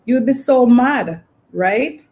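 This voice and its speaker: A woman's voice: a little high, lively intonation, takes it slowly, dark tone. A middle-aged Jamaican woman hosting her channel, telling rambling stories about her school days with lots of "you know". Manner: rambling, filler-heavy storytelling. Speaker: channel host. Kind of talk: casual reminiscing monologue.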